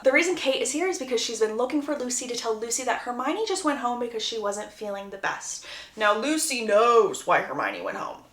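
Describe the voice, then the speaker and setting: A woman casually retelling a novel's plot with animated, gossipy asides. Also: on the high side, roomy sound. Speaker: book reviewer.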